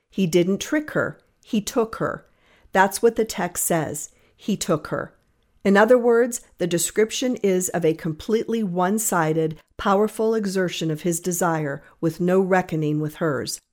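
A woman giving a scripted reading of a commentary, measured, reading quotations aloud and marking each one. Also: lowish voice, darkish tone. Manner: measured, reads quotations aloud with "quote, unquote".

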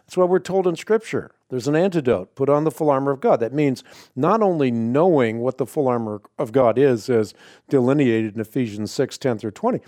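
A man's voice: mid-range voice, animated, mellow, no echo, clean studio sound. Authoritative male radio Bible teacher. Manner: measured, authoritative explaining. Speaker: radio show host answering callers. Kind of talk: call-in Bible answer radio.

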